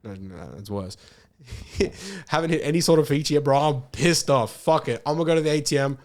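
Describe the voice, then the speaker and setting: Brief: young Australian man, podcast guest, quick rambling storyteller who swears freely. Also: a little high, lively intonation. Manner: rambling, swears a lot, acts out his own thoughts. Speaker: guest musician.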